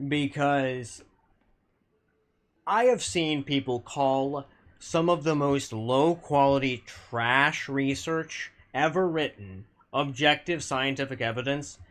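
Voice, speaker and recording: Male game streamer, casual live-stream chat, blunt, argumentative, swears a lot, restarts sentences, mid-pitched voice that swings widely. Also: a bit bright.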